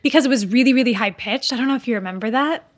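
A young adult actress with an unusual voice, chatting casually in an interview, rambling with lots of "like" fillers and restarts. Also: female voice, on the high side, very fast. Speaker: actress guest.

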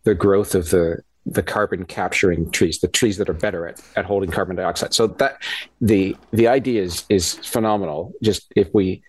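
Halting, low-voiced male scientist. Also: husky, no room sound. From Canada. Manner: halting, many restarts and repeated words. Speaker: guest scientist. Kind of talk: radio interview.

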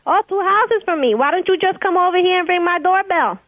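A woman's voice: very high voice, brisk, dry recording. A woman arguing fiercely over the phone, profane and combative, slipping into Spanish. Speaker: prank call target. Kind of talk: heated phone argument. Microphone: telephone. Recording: tinny phone line.

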